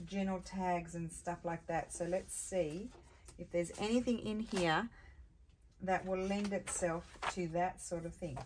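A woman's voice: mid-range voice, darkish tone, slight background noise. A woman hosting a casual crafting session, chatting to viewers in a rambling, friendly way as she sorts papers. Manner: chatty, rambling, talks to viewers while working. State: has the hiccups. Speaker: crafting channel host. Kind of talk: casual chat while crafting.

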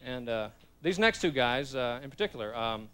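A man's voice: medium pitch, lively intonation, moderate pace, sharp tone. A man doing stand-up comedy as emcee in a club, telling folksy stories about his father.

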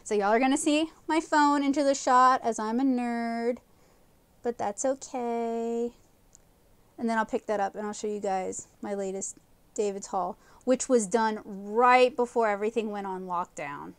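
A woman's voice: fairly high pitch, measured pace, clear, resonant tone, no room sound. Chatty woman losing her voice. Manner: rambling, enthusiastic, many fillers and laughs. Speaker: comic artist teaching watercolor live. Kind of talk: chatty live painting tutorial.

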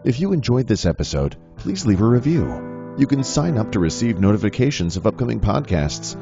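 Male announcer, podcast outro, lively read over guitar music. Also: mid-range voice, a little fast, vocal fry, dull audio. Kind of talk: scripted outro.

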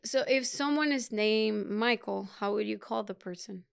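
A woman's voice: mid-range voice, normal speed, gravelly, smooth. A woman co-hosting a casual studio chat, playful and laughing often as she teasingly insists on her point. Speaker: podcast co-host.

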